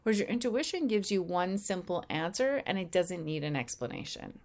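A woman giving a conversational spiritual teaching talk, acting out the anxious and calm inner voices now and then. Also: fairly low pitch, moderate pace. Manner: acts out voices of ego and intuition; conversational, with slips and restarts. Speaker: spiritual speaker.

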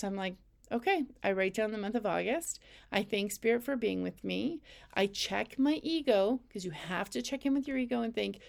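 Woman teaching a spiritual lesson, slow calm instructions, bit of vocal fry. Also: medium pitch. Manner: calm, step-by-step second-person instruction. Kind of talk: guided instructional talk.

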